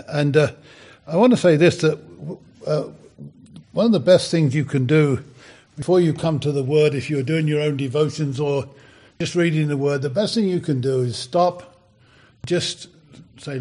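A man with a slightly high voice delivers a sermon in a halting, conversational way, stopping and restarting his sentences often. When he reads scripture, he turns louder and more emphatic. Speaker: preacher.

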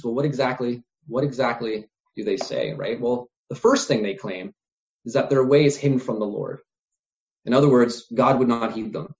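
A man's voice: mid-range voice, a little mellow. An earnest male preacher with a mid-range voice reasons through a sermon. He repeats words as he goes and keeps checking in with "right?" The recording is dull and lo-fi.

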